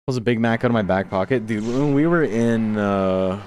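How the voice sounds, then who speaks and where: A man's voice: on the low side, moderate pace, darkish tone, slight background noise. A man from Toronto, hosting a game tournament stream and chatting casually between matches. He rambles from one story to the next, swears freely and laughs between anecdotes. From Toronto, Canada.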